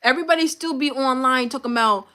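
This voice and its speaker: A woman's voice: sits high, quick pace, bright, forceful tone. A woman hosting a livestream who chats casually and with confidence. She is blunt and slangy, and repeats her points for emphasis. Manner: slangy, blunt, talks straight to viewers. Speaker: livestream host.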